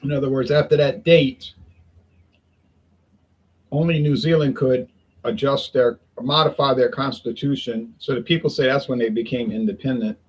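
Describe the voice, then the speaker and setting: A man's voice: medium pitch, normal speed, poor audio. A man chatting casually and rambling in a folksy way, talking at home in the heat with the windows open. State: sweating in the heat. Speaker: beer review vlogger.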